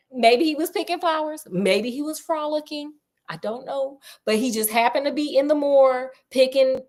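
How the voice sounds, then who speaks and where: A woman's voice: high-pitched, a little mellow. A woman host retelling a classic detective story in a casual, slangy, playful way with chatty asides to a friend.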